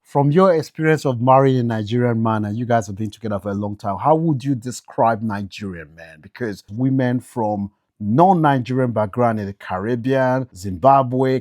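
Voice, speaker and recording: A man's voice: medium pitch, a little mellow. A man hosting an interview, asking inquisitive questions and laughing easily.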